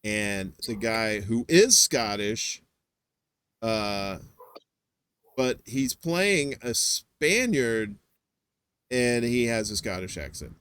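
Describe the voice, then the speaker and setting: Casual podcast co-host, male, rambling and playful, very lively pitch, dry mic. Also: very slow, pauses often, clear, resonant tone, dry recording. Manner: rambling, jokey, jumps to high squeals for emphasis. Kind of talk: casual chat.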